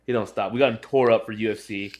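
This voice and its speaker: A man's voice: fairly low pitch, fairly even intonation, quick pace, a little mellow. A young man co-hosting a podcast, telling a story in casual chat and acting out his friends' voices. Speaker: podcast co-host.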